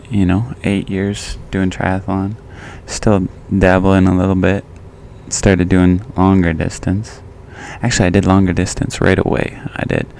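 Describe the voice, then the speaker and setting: A man's voice: deep voice, creaky, a little mellow, a little hiss or hum. A young man from the Midwest hosting a casual solo podcast, joking and laughing at himself and going off on tangents. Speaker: podcast host.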